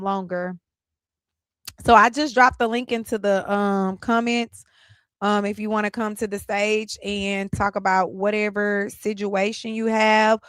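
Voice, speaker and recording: Smooth-voiced woman hosting a call-in stream. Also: on the high side, a bit bright, no echo, clean studio sound. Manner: upbeat, inviting, repeats instructions. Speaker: livestream host. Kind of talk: live call-in show hosting.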